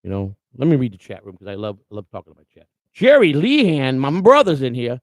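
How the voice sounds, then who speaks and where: A man's voice: medium pitch, sing-song, fast talker, creaky, no echo, poor audio. A man hosting a livestream who talks casually in a rambling, blunt way with many restarts. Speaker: host.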